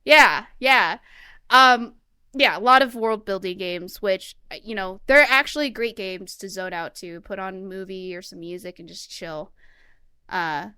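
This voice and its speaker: A woman's voice: mid-range voice, measured pace, bright, forceful tone, smooth, no room sound, clean studio sound. A woman co-hosting a casual gaming podcast, ranting with heavy profanity. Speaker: podcast co-host. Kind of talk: casual chat.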